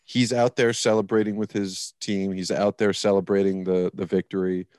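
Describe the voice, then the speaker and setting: A man's voice: fairly low pitch, level tone, normal speed, darkish tone, clear, resonant tone, no echo, clean studio sound. A man co-hosting a casual sports podcast, talking in a rambling, emphatic way. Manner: rambling, emphatic, swears when worked up. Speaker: podcast co-host.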